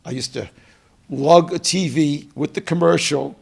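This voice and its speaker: Gravelly New York businessman telling stories. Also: on the high side, a little slow. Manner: animated storyteller acting out quotes. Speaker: guest, company co-president. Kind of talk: storytelling interview.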